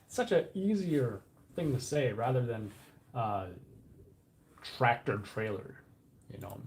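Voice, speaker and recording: A man's voice: mid-range voice, very animated, normal speed, creaky, mellow, slight background noise. A man hosting a live stream from a room at home, chatting casually and thinking aloud while he works at a computer.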